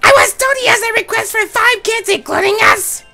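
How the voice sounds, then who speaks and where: A shrill, squeaky teen girl. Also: brisk, gravelly, music in the background. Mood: perky. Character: shrill, perky teenage girl neighbor. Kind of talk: let's play character voice.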